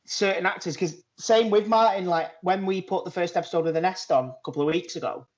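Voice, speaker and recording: A man co-hosts a podcast in relaxed chat. His voice sits a bit high, and he likes to retell little stories and tack "innit" onto his sentences. The audio is dull and lo-fi. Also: fairly quick. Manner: chatty, retells stories, tags lines with "innit". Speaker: podcast co-host. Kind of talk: casual chat. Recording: muffled lo-fi remote audio.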